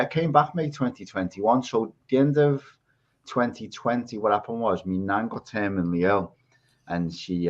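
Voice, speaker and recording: A man with a Scouse accent, chatting casually as a podcast guest and telling his story over a video call. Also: lowish voice. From England. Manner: rambling storyteller. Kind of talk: casual chat. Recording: dull lo-fi audio.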